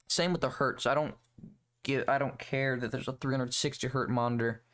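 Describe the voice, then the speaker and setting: A man's voice: mid-range voice, fairly even intonation, normal speed, a bit bright. Young dude rambling on his podcast, lots of swearing, sarcastic, all over the place. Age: young adult. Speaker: podcast host. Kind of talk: casual solo rant.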